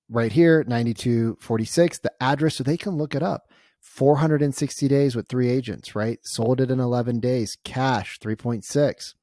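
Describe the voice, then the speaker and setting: A man coaching real estate agents in a casual walkthrough, energetic and constantly tagging his points with "right?". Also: medium pitch, no echo, studio quality. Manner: acts out client conversations in storytelling bursts.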